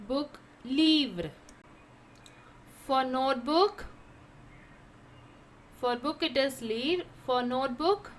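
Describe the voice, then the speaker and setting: Slow, high-voiced woman teaching vocabulary. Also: a bit bright, slight background noise. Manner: repeats each word several times, asks herself "how to pronounce?". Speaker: French teacher. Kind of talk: slow vocabulary lesson with repetition.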